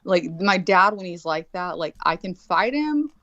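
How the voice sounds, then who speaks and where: At a normal speed and on the low side, a woman in her forties rambles through a casual tale full of profanity, acting out each quote with animation. The recording is dull and dry lo-fi with no room sound.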